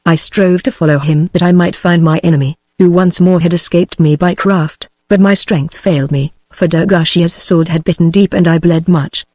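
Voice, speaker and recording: A text-to-speech woman's voice with a British English accent, reading a novel aloud at a steady, even pace. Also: fairly low pitch, normal speed, hardly any pauses, dry recording. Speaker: audiobook narrator.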